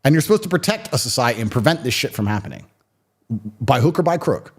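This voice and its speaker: A man in his thirties holds forth as a guest in a sit-down interview, mixing stories with sharp opinions. His delivery is blunt and emphatic, and his voice rises and falls with lively swings. It sits at an ordinary middle pitch. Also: fast talker, slightly rough. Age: 30s. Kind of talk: conversational storytelling and opinion.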